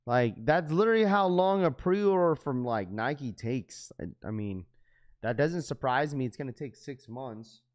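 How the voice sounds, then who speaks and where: A man's voice: mid-range voice, expressive, unhurried, a little mellow. A man hosting a sneaker livestream, talking casually to chat in heavy slang. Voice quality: slangy, says "bro" often.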